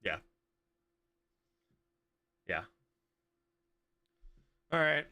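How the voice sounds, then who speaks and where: A man's voice: on the high side, very animated, drawn-out words, bright, forceful tone, no echo. A man streaming live, ranting at his viewers after a soccer match in an exasperated, profane way, and trailing off in mutters between points. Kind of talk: live stream reaction rant.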